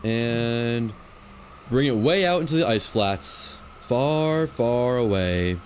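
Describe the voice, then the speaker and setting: Man, game streamer, slow unhurried talk, mutters to himself, faint hiss behind. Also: mid-range voice. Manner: relaxed, muttering to himself while playing. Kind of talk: casual gameplay commentary.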